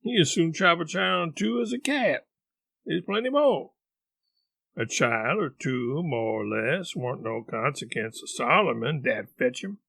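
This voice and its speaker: A man's voice: a little high, big pitch swings, a little slow, creaky, bright, forceful tone, dry recording, exaggerated voice. A man voicing a stubborn, folksy grown man who argues insistently in rustic dialect. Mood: scornful.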